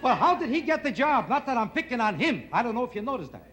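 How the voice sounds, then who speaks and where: A man doing stand-up with a heavy New York Yiddish-inflected accent and a deadpan, complaining delivery. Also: very high voice, fast, over a noisy crowd. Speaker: stand-up comedian. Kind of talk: stand-up comedy set. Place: television studio stage. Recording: loud audience laughter, noisy stage.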